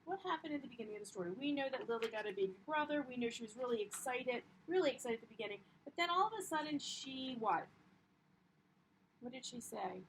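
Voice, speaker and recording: A woman's voice: on the high side, lively intonation, fast talker, slight background noise, rough recording. A young woman teaching a primary class, upbeat and encouraging, with frequent ums as she explains the lesson. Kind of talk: classroom read-aloud lesson.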